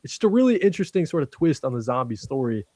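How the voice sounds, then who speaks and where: A man's voice: mid-range voice, very animated, fast talker, a little mellow, dry recording. A man on a casual comics panel chat, talking up books he loves with eager enthusiasm. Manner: enthusiastic, gushing recommendations. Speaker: podcast co-host.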